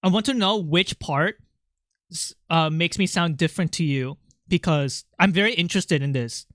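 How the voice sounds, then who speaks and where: Chatting casually on stream mid-game, the streamer's voice-changed speech is eager and meandering, full of laughter and replies to viewers. It has a medium pitch and moderate pace, with clean studio sound and no room noise.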